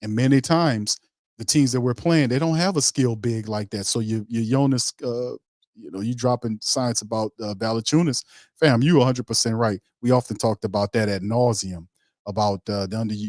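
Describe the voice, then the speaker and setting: A man's voice: on the low side, a little fast, a little mellow, dry recording, clean studio sound. A man hosting a casual sports talk show, talking in a loose, emphatic, slangy way with many restarts. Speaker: podcast host.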